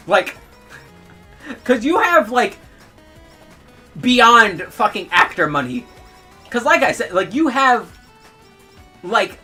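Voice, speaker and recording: A woman's voice: on the high side, sharp tone, breathy edge. A young adult woman streamer ranting in heated, profane commentary and laughing between outbursts.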